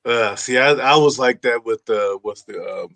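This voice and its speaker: Halting man co-hosting a casual chat. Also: mid-range voice, vocal fry, fairly bright tone, dry recording. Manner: halting, repeats words, laughs easily. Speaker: co-host.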